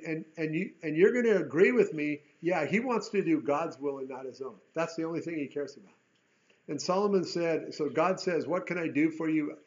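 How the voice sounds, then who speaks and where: An earnest male preacher delivering a sermon, his slightly raised voice climbing into emphatic bursts and circling back over the same words. The recording is dull and lo-fi. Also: on the high side. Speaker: pastor.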